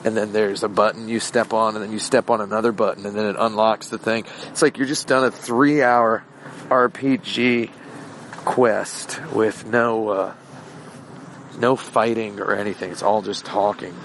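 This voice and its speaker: A man's voice: on the low side, level tone, normal speed, fairly bright tone, a little hiss or hum. A man hosting a podcast, telling a rambling casual anecdote in a meandering way, full of fillers and restarts. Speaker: podcast host. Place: outdoors, walking around shops.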